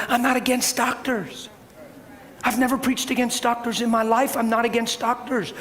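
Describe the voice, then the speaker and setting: A man preaching a sermon in animated, plain-spoken storytelling. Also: very high voice, moderate pace. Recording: echoey hall, faint background noise.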